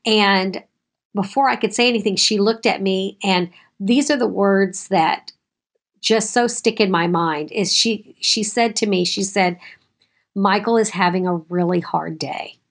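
A woman's voice: mid-range voice, unhurried. A woman who works as a school administrator, telling a story from her school in an interview. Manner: animated storyteller.

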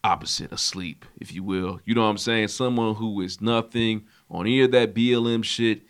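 A man co-hosting a casual comedy podcast, talking in an animated, mocking way that drops low at the ends of his lines. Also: normal speed, clear, resonant tone. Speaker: podcast co-host.

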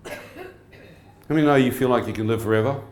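A man preaching a testimony sermon, animated and questioning his listeners. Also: medium pitch, quick pace. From New Zealand. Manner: animated, asks the crowd questions. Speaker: evangelist. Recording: echoey hall.

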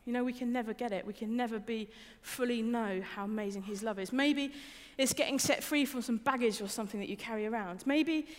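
A woman's voice: fairly high pitch, fairly quick, hardly any pauses. A young adult woman giving a conversational sermon, informal and personal, often repeating words and asking the listeners questions. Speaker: preacher. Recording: reverberant hall.

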